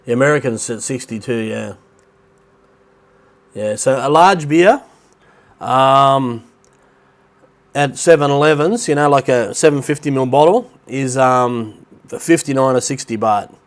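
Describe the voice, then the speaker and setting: A man's voice: mid-range voice, a little slow, pauses often. A middle-aged Australian man hosting a casual livestream, chatty and rambling, with a blocked nose that makes him sound nasal. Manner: rambling, chatty, greets viewers by name. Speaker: livestream host. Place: rented apartment near the beach in Thailand.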